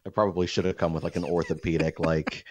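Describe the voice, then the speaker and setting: A man's voice: sits low, steady tone, fast talker, darkish tone. A young man telling a rambling, profane story in casual podcast chat, full of fillers and restarts. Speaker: podcast host. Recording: dull lo-fi dry sound.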